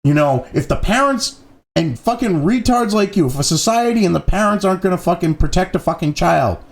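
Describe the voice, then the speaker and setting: A man's voice: high-pitched, expressive, brisk. A man hosting a profane, angry political commentary rant, swearing constantly and mocking opponents.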